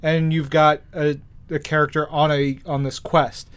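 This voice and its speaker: A man's voice: on the high side, little pitch movement, unhurried, clear, resonant tone. A man with a Long Island or New York accent, co-hosting a podcast and gushing about comics in casual chat. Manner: enthusiastic, gushing. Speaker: podcast co-host.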